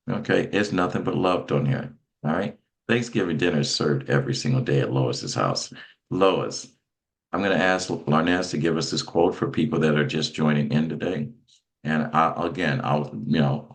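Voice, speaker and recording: Deep gravelly male talk-show host. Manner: emphatic, repeats himself, calls out names. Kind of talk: animated talk-show chat.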